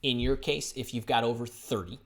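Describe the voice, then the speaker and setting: A man in his fifties hosting a live career advice stream, answering viewer questions in an energetic, chatty way full of jokes and asides. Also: mid-range voice, fairly quick. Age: 50s.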